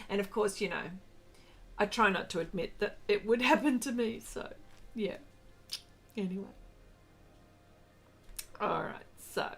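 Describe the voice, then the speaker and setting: An Australian woman hosting a casual art livestream, chatting and answering viewer comments in a rambling, friendly way. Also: mid-range voice. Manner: brightens and rises when greeting viewers.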